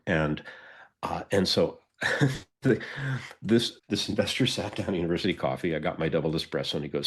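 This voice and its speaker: A man co-hosting a podcast, telling a story in a casual, animated way and acting out the dialogue. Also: sits low, fairly quick, slightly rough. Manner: animated, acts out quoted dialogue. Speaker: podcast co-host.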